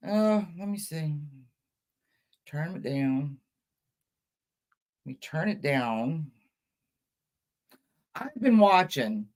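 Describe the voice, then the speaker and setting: A woman hosting a casual livestream with a lively, swooping voice. She talks in a scattered, chatty way to her viewers. She curses often and mocks herself. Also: sits low, very slow, long pauses. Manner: scattered, chatty, cursing, self-mocking. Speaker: livestream host.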